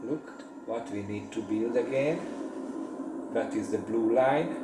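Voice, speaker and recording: A woman's voice: very deep voice, measured pace. A woman talking a child through a city-building game, patient and asking simple questions to teach, her English slightly non-native. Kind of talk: casual gameplay chat. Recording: roomy sound with game music behind.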